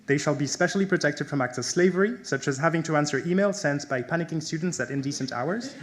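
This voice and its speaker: A young man reading out humorous mock legal articles at a graduation ceremony, in a deadpan manner. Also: on the high side, fast. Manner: deadpan reading, breaking into laughter. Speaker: graduating student presenter.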